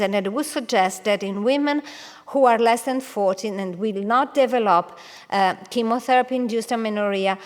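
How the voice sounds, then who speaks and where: Woman lecturing in a reverberant hall. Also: mid-range voice. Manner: careful, with frequent hesitations and restarts. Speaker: oncologist presenting at a medical congress. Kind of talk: conference lecture. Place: large congress hall.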